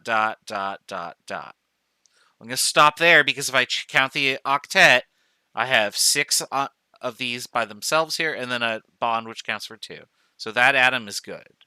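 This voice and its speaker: This recorded chemistry lecture comes from a man with a mid-range, very bright, crisp and smooth voice, moving at a moderate pace with expressive delivery. He's a professor who talks each step through aloud, counting as he goes and self-correcting. There's no room sound; the audio is dry and close.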